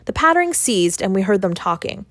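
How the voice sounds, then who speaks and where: A woman narrating a classic short story as an audiobook, in a measured, even reading. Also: mid-range voice, dry recording. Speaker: audiobook reader.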